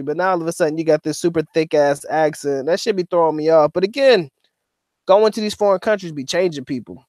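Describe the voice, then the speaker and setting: Slangy, cussing man with a higher voice. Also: fast, a little mellow, no room sound, clean studio sound. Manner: slangy and profane, laughs often. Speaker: livestream co-host reading chat. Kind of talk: casual livestream chat.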